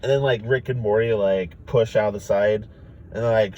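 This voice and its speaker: A young man casually pitching a story idea, rambling with lots of fillers and restarts. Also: steady tone, normal speed, a little mellow, low-quality recording. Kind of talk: casual chat.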